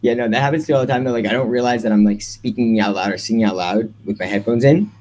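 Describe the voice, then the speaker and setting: A man's voice: medium pitch, rapid-fire, a little mellow. A young man co-hosting a podcast, rambling chattily with lots of fillers in casual conversation. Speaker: podcast co-host. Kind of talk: casual chat.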